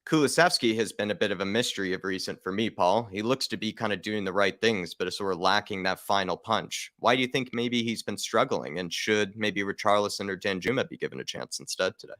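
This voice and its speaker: A man with an Irish accent hosting a live fan stream, chatty and quick to laugh. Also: lowish voice, a bit bright, dry recording. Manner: fast, chatty, laughs easily. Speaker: host.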